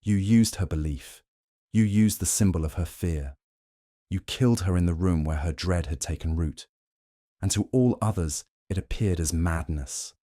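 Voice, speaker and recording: A man voicing a shrewd, theatrical male detective, delivering measured, dramatic accusations sprinkled with French phrases in an audiobook reading. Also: low voice, warm tone, dry recording, clean studio sound, lightly acted. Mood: accusing.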